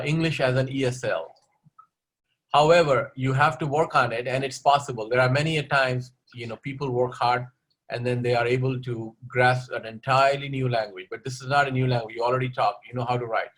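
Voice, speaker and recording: There's a little hiss or hum behind this man's medium-pitched, somewhat bright voice. Speaking at an online webinar, he responds to audience questions with advice about learning English, repeatedly finishing his points with "okay?"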